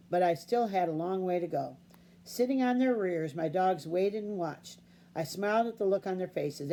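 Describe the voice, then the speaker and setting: Mellow-voiced woman reading a story aloud. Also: fairly low pitch. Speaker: audiobook reader.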